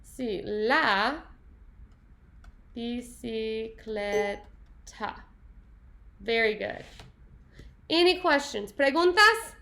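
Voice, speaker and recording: A high-voiced woman leads a Spanish lesson at an unhurried pace. She is upbeat and playful, praising students and tossing in little jokes between the drills. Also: lively intonation, bright, forceful tone. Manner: upbeat, playful, sings snatches and praises answers. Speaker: Spanish teacher. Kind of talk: classroom lesson.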